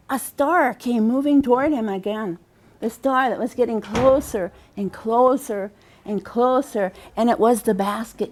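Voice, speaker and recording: High-voiced woman telling a folk tale. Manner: lively, slows down for emphasis and repeats phrases. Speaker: storyteller. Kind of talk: oral storytelling of a folk tale.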